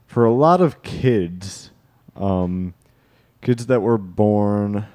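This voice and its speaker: A man hosting a podcast, chatting casually and teasing his co-hosts in a deadpan way. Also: lowish voice, very slow. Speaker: podcast host. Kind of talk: casual chat.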